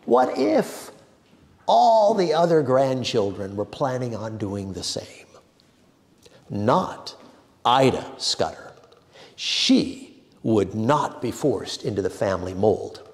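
A man teaching a church adult education class, reading a story with measured, dramatic pauses. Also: mid-range voice, big pitch swings, gravelly, long reverb tail.

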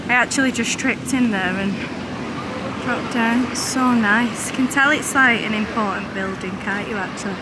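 A woman's voice: a little high, fairly even intonation, moderate pace. A woman, chatting casually to camera as she walks around on a travel vlog. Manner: chatty, walking while filming. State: out of breath at times. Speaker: travel vlogger. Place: outdoors at a busy city mosque and gardens. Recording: outdoor city noise behind voice.

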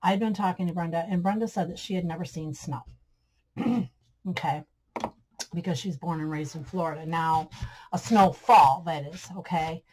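A woman talks viewers through a DIY craft project in a slightly low voice. She is chatty, keeps calling her audience guys and friends, and gushes over how pretty everything turns out. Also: normal speed, a little mellow, a little hiss or hum, rough recording. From Michigan, USA. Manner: gushing about her projects. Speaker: craft channel host.

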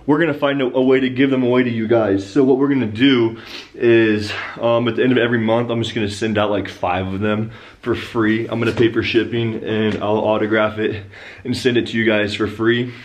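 A man chatting casually and upbeat to his viewers in a home vlog, switching to a high sing-song praise voice for his puppy. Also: little pitch movement, a little fast. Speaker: vlogger.

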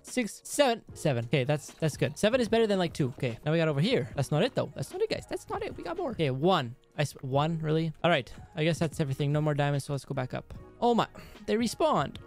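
Excitable man yelling over gameplay. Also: on the high side, fast, soft background music. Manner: excitable, swings from yelling to muttering. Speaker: gaming channel host. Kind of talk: let's play gameplay commentary. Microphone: headset or desk mic.

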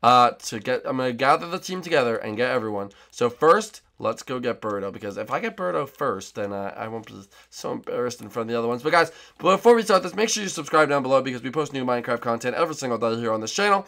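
A man's voice: medium pitch, expressive, fast talker, few pauses, a bit bright. A man hosting a gaming channel, narrating playful role-play as a bossy captain.

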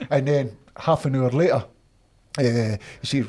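An older man with a Scottish accent, telling animated stories from his football career as an interview guest. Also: mid-range voice, unhurried. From Scotland. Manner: animated anecdotes, acts out voices of others. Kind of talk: casual storytelling.

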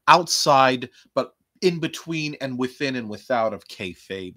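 A man's voice: mid-range voice, a bit bright, dry recording, studio quality. A man hosting a casual wrestling review podcast, rambling and joking with frequent swearing and playful outbursts. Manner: rambling, jokey, profane, with playful bursts. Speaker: podcast host.

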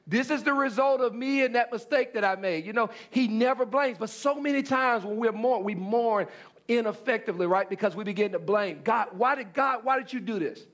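A man with a very high-pitched voice preaches a sermon. He hammers key phrases over and over and restarts words as he drives ahead. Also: a bit bright. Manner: repetitive emphatic preaching with stammered restarts. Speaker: pastor.

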